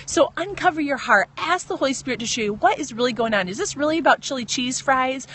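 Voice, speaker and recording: A woman's voice: sits high, expressive, fast, fairly bright tone, breathy edge. A woman in her thirties giving a casual devotional talk on a phone livestream, earnest and chatty, stopping to answer viewer comments. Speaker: Christian livestream host.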